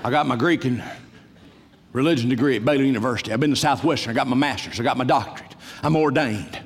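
A man's voice: medium pitch, fast talker, gravelly, slightly rough, in a large hall. An older man preaching a humorous, folksy sermon full of stories and bursts of laughter. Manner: storytelling, folksy, breaks into laughter and loud exclamations.

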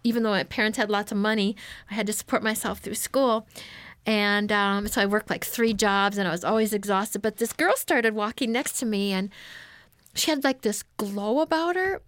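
A woman's voice: mid-range voice, normal speed, a bit bright, no echo. A woman guest on an interview, telling her life story in an earnest, emotional way. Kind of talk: personal testimony in an interview.

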